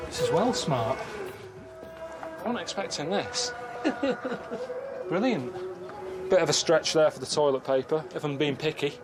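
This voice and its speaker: A man giving grumbling, deadpan travel commentary outdoors, moaning and complaining as he goes. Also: a little high, normal speed, music in the background, rough recording. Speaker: traveling presenter.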